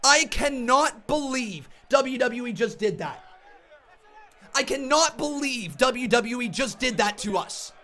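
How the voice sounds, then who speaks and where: Very high, bright-voiced man ranting furiously. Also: lively intonation, slow. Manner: furious, swearing, repeating himself. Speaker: wrestling reaction vlogger. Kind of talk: shouted angry rant.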